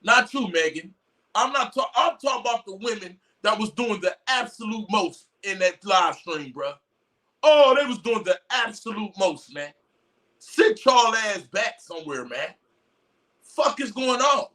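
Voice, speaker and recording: A man giving a loud, profane, mocking rant of casual commentary on a trial, breaking into shouts. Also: high-pitched, very animated, unhurried, recorded from a distance. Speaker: commentary streamer.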